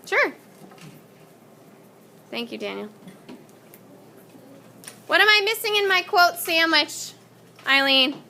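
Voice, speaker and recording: Bright high-voiced teacher questioning her class. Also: big pitch swings, takes it slowly, long pauses. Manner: encouraging, questioning students by name. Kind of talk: classroom lesson.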